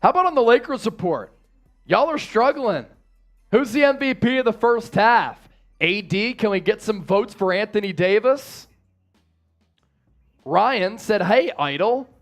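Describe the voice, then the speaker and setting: A man with a high voice hosts a live basketball watch party, rattling off viewer shout-outs and game analysis in an energetic, casual way. Faint music plays behind him. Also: a little slow, long pauses. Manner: energetic, reads chat shout-outs, chants.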